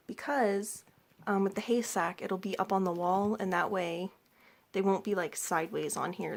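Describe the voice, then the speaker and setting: With a gravelly, lowish voice, this twenty-something woman chats about her pets from home beside their cage. The talk is casual and rambling, packed with fillers, and she sounds a little winded.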